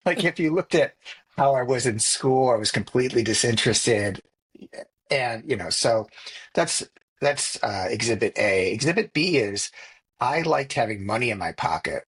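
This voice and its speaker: A middle-aged man co-hosting a podcast, telling stories in a relaxed, reflective way with frequent restarts. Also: mid-range voice, normal speed, breathy edge. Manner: reflective storytelling with many restarts and fillers. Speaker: podcast co-host. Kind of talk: casual conversation.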